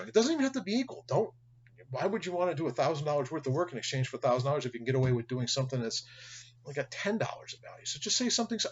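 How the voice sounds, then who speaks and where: A man's voice: on the high side, muffled recording. A middle-aged man, a college instructor giving a recorded lecture, telling stories and acting out the dialogue in them. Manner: storytelling with acted-out dialogue. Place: home or office webcam recording.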